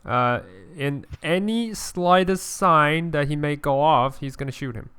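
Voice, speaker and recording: A man playing a tabletop role-playing game, describing his character's actions in a deliberate way. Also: on the high side, a bit bright, clear, resonant tone. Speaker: player.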